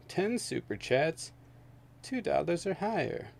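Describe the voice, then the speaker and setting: Male streamer, mid-pitched, rants with lots of cursing, loud spikes, then chats viewers. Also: brisk. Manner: angry, profane ranting; loud bursts while venting. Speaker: livestream host. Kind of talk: heated political debate stream.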